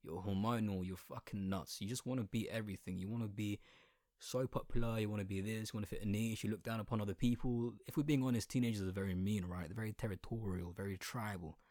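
Candid young English man, low voice. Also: fairly even intonation, fast talker, a little mellow, no room sound, clean studio sound. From Colchester, England. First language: Sylheti Bengali. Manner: candid, conversational, swears casually. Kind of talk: personal reflective monologue.

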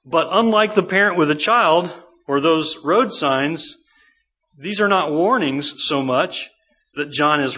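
A man's voice: a little high, a bit bright. A middle-aged male pastor preaching a sermon in a conversational way, often asking the congregation rhetorical questions. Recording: dull lo-fi sermon recording.

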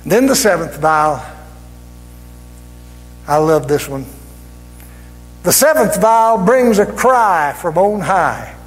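Male preacher, high and animated, slow and emphatic, fervent shouting sermon; reverberant sanctuary, faint music behind. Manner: fervent, rising to shouts, drawn-out emphatic words. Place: church sanctuary. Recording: reverberant church hall with music.

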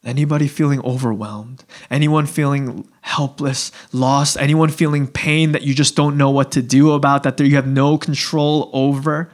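A man preaching a sermon to a room of people, animated, moving from loud excited bursts to quiet low passages. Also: moderate pace, few pauses. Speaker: pastor. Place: church hall.

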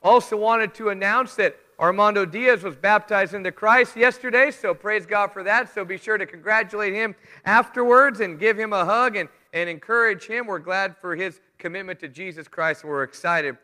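A middle-aged man giving a church sermon with announcements, talking conversationally and telling stories with animated asides. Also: high voice. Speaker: preacher. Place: church sanctuary. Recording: reverberant church hall.

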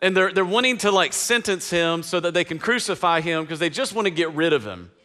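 Male pastor, sermon, casual slangy delivery, high voice. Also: animated, a little fast, pushed and bright. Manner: casual slangy preaching, conversational asides to congregation.

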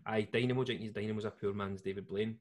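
Scottish male co-host, casual rambling banter, lower register. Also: steady tone, fast, a crowd in the background. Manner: jokey, rambling with restarts. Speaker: podcast co-host. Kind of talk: casual chat.

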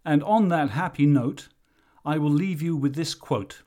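A man teaching an English lesson, explaining things slowly and carefully. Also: fairly high pitch, warm tone. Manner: slow, careful explanatory delivery. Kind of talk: recorded lesson narration.

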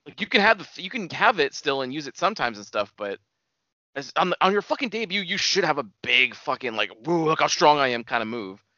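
A man hosting a casual chat in a relaxed, rambling way. His pitch moves around a lot and his tone is bright. The sound is dry and lo-fi. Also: a little fast, no echo. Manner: relaxed, rambling, with lots of fillers. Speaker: podcast host. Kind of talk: casual chat about wrestling.

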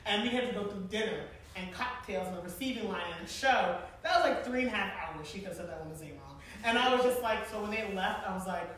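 A woman in her forties telling stories to a live audience, animated and chatty, often laughing. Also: mid-range voice, quick pace, few pauses. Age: 40s. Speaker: event planner and speaker. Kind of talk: storytelling talk to a live audience. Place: large room with an audience. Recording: echoey room, mic from far off.

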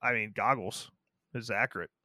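Bright, dry-sounding joking man. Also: on the low side, moderate pace, dry recording. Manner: joking, swears, laughs at his own stories. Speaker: podcast co-host. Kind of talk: casual movie review chat.

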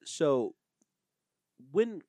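A man co-hosting a casual podcast, recapping a TV episode with jokes and quick character impressions. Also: on the high side, no echo, clean studio sound. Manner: lively, joking, mimics characters. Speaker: podcast co-host.

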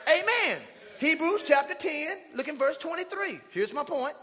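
A man preaching a sermon, calling out to his congregation and drawing out shouted phrases for emphasis. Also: very high-pitched, very animated, a little hiss or hum. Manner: preaching with call-and-response, drawn-out shouted emphasis. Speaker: pastor. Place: church sanctuary with congregation. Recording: reverberant church hall.

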